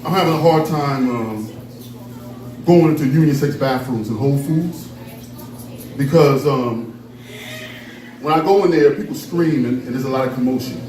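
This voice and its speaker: A man's voice: medium pitch, normal speed, pauses often, mellow. A man performing a playful, loose stand-up routine, often dropping into character voices. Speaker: stand-up comedian. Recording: roomy, from far off, noisy.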